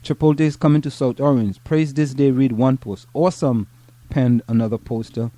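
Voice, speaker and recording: A man's voice: mid-range voice, fairly even intonation, mellow, dry recording. A man, co-hosting a talk show, reading out local news and joking with his co-host. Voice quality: joking, teasing, halting restarts.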